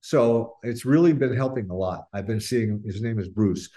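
A man's voice: lowish voice, moderate pace, dark tone. An older man, a singer, chatting casually in an interview, rambling and restarting often as he tells stories.

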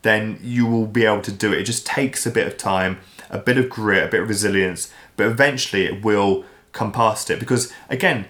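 A man as a podcast guest, talking in a casual, animated way and acting out the voices he quotes. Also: lowish voice, a little fast. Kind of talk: casual interview chat. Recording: roomy echo.

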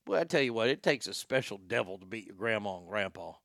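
A man's voice: lowish voice, expressive, fast, vocal fry, a bit bright, dry recording, studio quality. A man hosting a show, telling crude news stories in a sarcastic, joking way. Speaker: host. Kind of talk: casual comedic news commentary.

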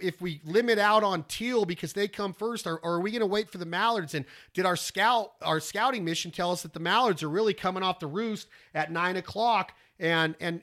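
A man, teaching duck calling in a rambling, folksy way, breaking into loud duck calls. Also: high-pitched. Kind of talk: casual instructional talk.

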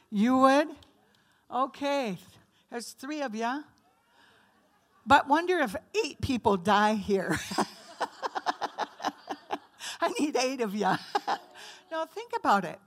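Addressing a women's group, this ministry speaker delivers a conversational teaching sermon in a fairly high, fairly bright voice. She poses questions to her audience and performs the voices of people she quotes.

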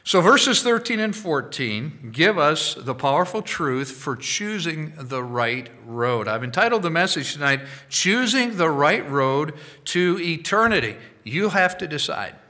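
A man preaching a sermon, slow and deliberate, with sudden loud emphatic bursts. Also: on the high side, sing-song.

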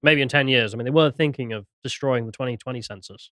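A man's voice: medium pitch, fast talker, sharp tone, no echo, studio quality. A young British man hosting a casual podcast, chatty and self-mocking, often laughing at himself. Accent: British English. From Britain. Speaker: podcast host.

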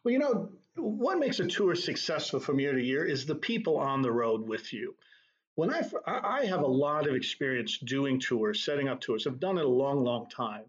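Husky middle-aged man telling tour stories. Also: mid-range voice, normal speed, highs cut off. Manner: relaxed anecdotal, laughs at own stories. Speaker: drum corps tour director. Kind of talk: conversational interview storytelling.

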